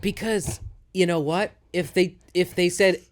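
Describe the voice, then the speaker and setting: A young man co-hosting a comedy podcast tells a story in a casual, animated way, acting out both sides of the conversation. His voice is high-pitched and a little slow.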